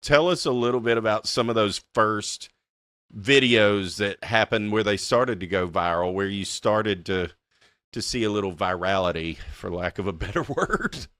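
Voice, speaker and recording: A man's voice: lowish voice, normal speed, a bit bright, dry recording, clean studio sound. A man hosting a casual interview, enthusiastic and chatty, often laughing. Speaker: podcast host.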